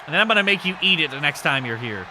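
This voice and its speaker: A man hosting a live stream, giving casual commentary on a wrestling game with excitable, crude joking. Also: fairly high pitch, racing, noisy background. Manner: excitable, crude and joking, yelps at big moves.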